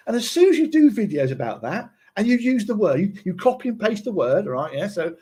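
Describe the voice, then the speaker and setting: A man's voice: high-pitched, very animated, fairly quick, mellow, husky. A man presenting a casual tutorial, chatty and often checking in with his listeners.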